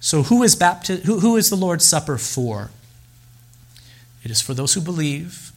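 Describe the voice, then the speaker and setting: A male pastor preaching a sermon in a deliberate, emphatic way, with pauses and repeated phrases. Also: on the high side, big pitch swings.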